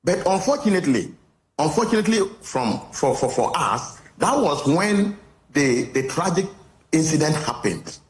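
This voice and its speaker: A Ghanaian man answering interview questions, explaining deliberately and often repeating words. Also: a little high, sing-song, reverberant.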